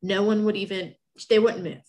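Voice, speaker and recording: A young woman shares a personal story in a loose, chatty manner, growing emotional, rambling, and restarting her sentences again and again. Her voice has a typical middle pitch for a woman and a somewhat dark tone. She speaks at a moderate pace with fairly even intonation.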